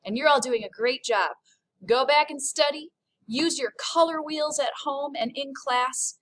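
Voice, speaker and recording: A woman teaching a recorded French lesson, speaking slowly and clearly and modeling French phrases in an upbeat way. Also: high-pitched, fairly bright tone.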